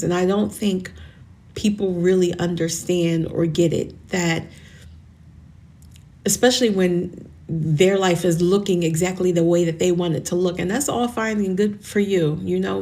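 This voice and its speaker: Tearful and emotional, this podcast host in her forties offers her listeners earnest encouragement on her motivational show. She speaks in a fairly low, darkish voice.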